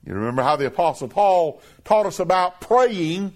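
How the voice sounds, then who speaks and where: Guy preaching, pretty high voice, stresses and repeats his lines. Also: lively intonation, moderate pace, few pauses, a little mellow. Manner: emphatic, repeating phrases with rising and falling pitch. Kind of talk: sermon.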